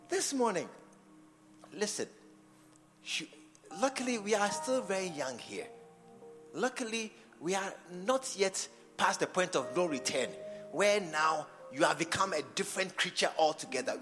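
Middle-aged Ghanaian man, preacher; high and bright, repetitive, loud-to-soft swings; church hall echo. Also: normal speed. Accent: Ghanaian English. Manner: animated, repeats phrases, swings from loud emphasis to near-whispers. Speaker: archbishop preaching. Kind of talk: sermon. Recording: church hall reverb with faint music.

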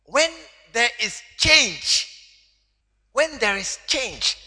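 Man preaching in a church, really high piercing voice, long echo from the hall. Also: very slow. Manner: animated, teasing, laughs with the congregation. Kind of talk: sermon.

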